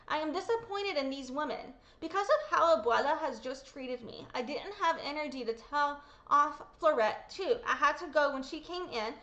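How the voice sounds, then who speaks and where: Upset woman with a high bright voice. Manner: upset, swearing, repeating quotes. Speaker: vlogger. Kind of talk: angry personal callout vlog.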